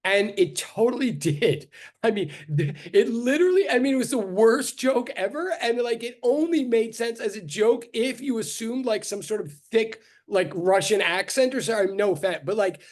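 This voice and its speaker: A man with a notably high voice teaches physics to a class. He talks in a loose, chatty way, stopping mid-sentence, restarting and going off on asides before getting back to the lesson. He sounds middle-aged and at ease in front of the room. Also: expressive, moderate pace. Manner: chatty, self-interrupting, full of fillers and restarts. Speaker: physics professor. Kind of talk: rambling classroom lecture.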